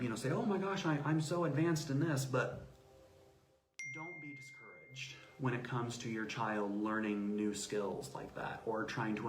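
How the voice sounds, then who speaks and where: A man speaking as an interview guest about self-advocacy, telling stories with lively acted-out quotes. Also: fairly low pitch. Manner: animated storyteller acting out quoted voices. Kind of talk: casual interview talk. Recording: roomy echo.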